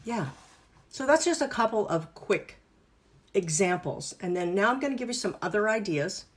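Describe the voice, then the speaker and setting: A woman's voice: mid-range voice, lively intonation, normal speed, a little hiss or hum. A woman coach leading a live online workshop, explaining exercises in an upbeat, playful, instructive way. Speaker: wellness and business coach.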